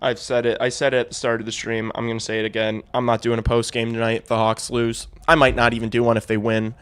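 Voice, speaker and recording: A man's voice: mid-range voice, completely flat delivery, quick pace, fairly bright tone, smooth. A young man hosting a hockey watch-along stream, calling the play casually, swearing freely and talking to his chat. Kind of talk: casual live play-by-play reaction.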